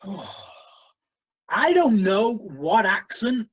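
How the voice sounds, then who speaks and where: Slow-talking man, blunt critic. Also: high-pitched, sing-song, fairly bright tone, slightly rough, rough recording. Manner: blunt, exasperated critic with many fillers. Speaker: co-host of a film review show. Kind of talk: casual film review chat.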